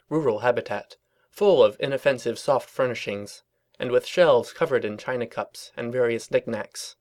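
Male narrator for a storybook reading, even and dry, medium pitch. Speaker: reader.

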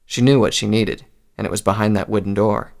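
A man reading a story aloud in a calm, measured narration. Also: on the low side, vocal fry.

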